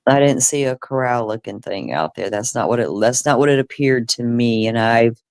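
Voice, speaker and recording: A woman's voice: very deep voice, normal speed, darkish tone, no echo. A woman co-hosting a true crime livestream, chatting casually and rambling with many fillers.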